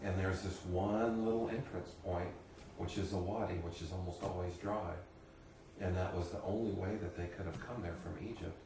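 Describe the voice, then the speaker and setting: Man, low voice, halting remarks, distant mic, echoey room, background noise. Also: steady tone. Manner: halting, adds short facts. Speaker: study group participant. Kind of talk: casual discussion.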